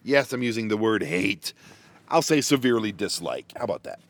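Here a man with a lowish voice talks a little fast, his pitch swinging widely as he rambles through a casual solo chat full of goofy jokes at his own expense. He's a vanlife vlogger recording on a laptop mic inside his parked minivan.

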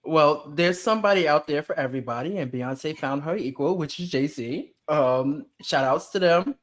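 A man with a New York accent talks in a loose, opinionated podcast chat. His voice sits a bit high, and he sounds animated and playful. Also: normal speed. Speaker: podcast co-host. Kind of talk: casual chat.

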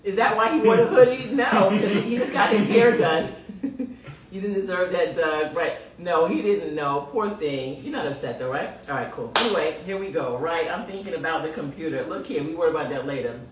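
A woman's voice: lowish voice, a little fast, hardly any pauses, far from the mic, a loud crowd. A woman co-hosting a casual home show, playful and giggly, often apologizing with a laugh. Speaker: podcast co-host, mother. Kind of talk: casual chat. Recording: roomy, off-mic with faint ambience.

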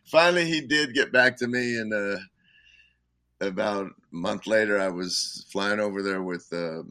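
Bright-voiced man telling stories, rambling. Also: low voice, dry recording. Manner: rambling, chuckling, many restarts. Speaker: guest musician. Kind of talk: casual interview storytelling.

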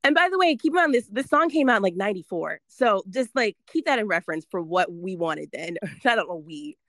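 A woman in her thirties, hosting a casual chat, animated and laughing as she talks. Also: medium pitch, fairly quick, no room sound, studio quality. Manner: animated, laughing, reads lyrics aloud playfully.

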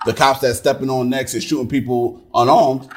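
A man's voice: mid-range voice, fairly even intonation, moderate pace. Emphatic man in casual talk. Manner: emphatic, asks rhetorical questions. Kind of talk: casual chat.

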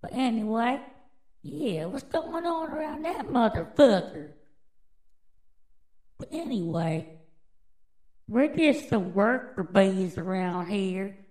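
A woman's voice: medium pitch, expressive, takes it slowly, long pauses, darkish tone, poor audio. A woman, hosting a podcast and riffing on news stories in a brash, profane, drawling way. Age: adult, with children. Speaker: podcast host. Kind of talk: casual news commentary.

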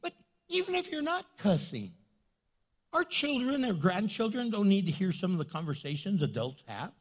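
Husky, lively-voiced male pastor preaching. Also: sits high, normal speed. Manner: animated, joking, repeats points for emphasis. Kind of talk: sermon.

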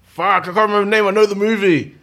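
A man's voice: sits high, fairly even intonation, quick pace, sharp tone. A laid-back man in a casual chat who swears freely. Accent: not American.

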